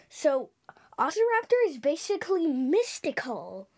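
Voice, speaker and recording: A woman hosting a playful pretend time-travel dinosaur show, animated, with sound effects and sudden hushed whispers. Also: sits high, takes it slowly.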